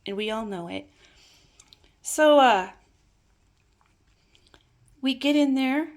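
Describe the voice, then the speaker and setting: An older woman telling a personal family story in a slow, reflective way, sometimes dropping to hushed asides. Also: high-pitched, animated.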